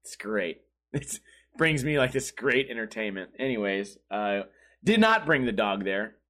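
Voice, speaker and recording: A man's voice: lowish voice, very animated, a little slow, fairly bright tone. A man hosting a comedy podcast, telling stories in a profane, ranting monologue. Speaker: podcast host.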